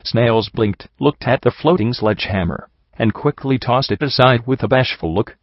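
A man narrating a storybook audiobook in a steady, measured way. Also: mid-range voice, dry recording. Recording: dull lo-fi recording.

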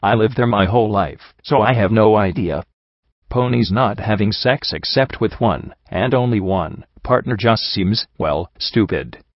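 A tired, plain-spoken young mare from a storybook, read by a man with a low voice. She talks bluntly in an unchanged low register, with a dry, slightly dull lo-fi sound. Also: unhurried, no echo. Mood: weary. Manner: blunt, weary. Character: weary blunt young female pony narrator.

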